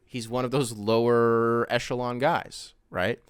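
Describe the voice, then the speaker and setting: A young man hosting a casual solo podcast, rambling and swearing, with loud bursts and mumbled asides. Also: mid-range voice, expressive, moderate pace, few pauses, clear, resonant tone, dry recording. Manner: rambling, swears often, mimics voices in quotes. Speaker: podcast host.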